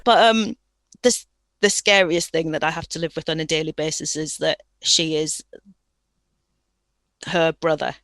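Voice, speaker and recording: A woman's voice: low voice, fairly even intonation, moderate pace, pauses often, fairly bright tone, no room sound. A woman with a Durham accent, a guest telling her own story frankly in a podcast interview, from a room at home with rueful laughs now and then. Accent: Durham English.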